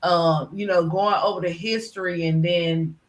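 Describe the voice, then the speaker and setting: A woman's voice: fairly low pitch, fairly even intonation, moderate pace, reverberant. A middle-aged woman who is a regular on a livestream panel, talking in a casual, rambling way full of fillers. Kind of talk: casual chat.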